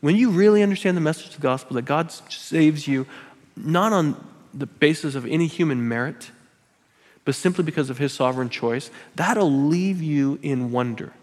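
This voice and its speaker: A man's voice: fairly high pitch, moderate pace, a little mellow. A man preaching a sermon as pastor, driving points home by repeating phrases and slipping in joking asides. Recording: long hall reverb.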